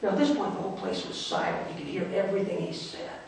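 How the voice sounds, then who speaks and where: Male pastor doing a sneering merchant in a sermon monologue, very high-pitched, sarcastic, echoey church from far off, faint hiss. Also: lively intonation, quick pace. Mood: mocking. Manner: sarcastic, dismissive storytelling. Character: scornful male merchant at the roadside, grumbling about beggars. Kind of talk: first-person dramatic sermon monologue. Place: church sanctuary. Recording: echoey church from a distant mic.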